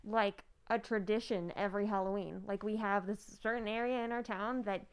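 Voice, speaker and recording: A woman's voice: mid-range voice, steady tone, normal speed, clean tone. A woman chatting casually as a cast member, enthusiastic and rambling. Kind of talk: casual chat.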